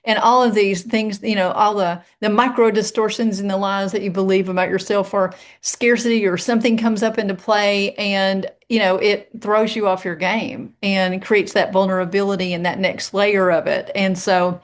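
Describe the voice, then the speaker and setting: A woman speaks with an East Tennessee Southern drawl. She talks freely and laughs easily as a podcast guest, in a middle-pitched voice. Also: steady tone, normal speed, few pauses. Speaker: guest mindset coach. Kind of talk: casual podcast interview.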